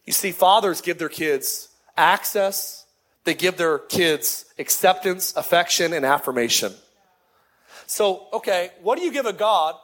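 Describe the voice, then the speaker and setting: A middle-aged man, a lead pastor, preaching a sermon in a lively, conversational way with repeated phrases. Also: high-pitched.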